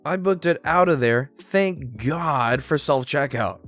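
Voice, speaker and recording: Male storyteller, fairly high voice, lively sarcastic read of internet stories over faint music. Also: takes it slowly, few pauses. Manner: animated, sarcastic commentary between stories. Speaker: narrator. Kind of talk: reading reddit stories aloud.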